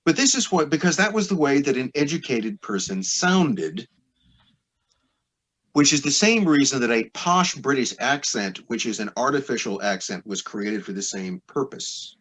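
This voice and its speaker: A man's voice: mid-range voice, expressive, moderate pace, fairly bright tone, breathy edge. A man as a podcast guest, explaining history in a discursive, lecturing way full of asides.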